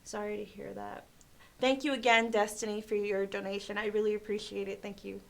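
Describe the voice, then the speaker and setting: A young adult woman hosting a casual livestream, telling stories in an animated way, laughing often and saying "like" a lot. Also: medium pitch, brisk, creaky. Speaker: livestream host. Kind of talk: casual storytelling chat.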